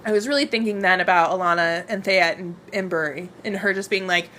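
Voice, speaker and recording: A woman's voice: on the low side, a little fast, bright, forceful tone, slight background noise. A young woman hosting a casual livestream book club into a wireless mic, reading out viewer comments and gushing, often repeating her phrases. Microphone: wireless microphone.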